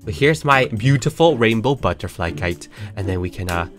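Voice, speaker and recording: A young man showing off a game update, talking excitedly and gasping and squealing often. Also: fairly low pitch, normal speed, faint music behind. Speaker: gaming YouTuber.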